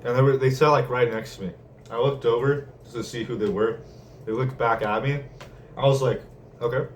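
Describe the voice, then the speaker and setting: A man's voice: medium pitch, steady tone, fairly quick. A young man rambling casually with lots of slang and laughter while telling a story from his day. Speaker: vlogger. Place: room at home. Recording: distant mic, faint room noise.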